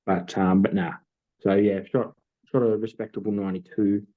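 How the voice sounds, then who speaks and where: A man with a lowish voice tells a story in relaxed podcast chat, wandering through fillers and restarts. The sound is thin and tinny, as if it came over a phone line. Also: normal speed. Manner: rambling storytelling with many fillers. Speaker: podcast co-host. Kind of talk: casual chat.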